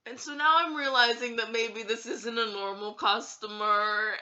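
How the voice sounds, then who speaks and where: A woman's voice: a little high, normal speed, sharp tone, lo-fi sound. A woman telling a story in a casual vlog, giggly and hesitant, with plenty of fillers.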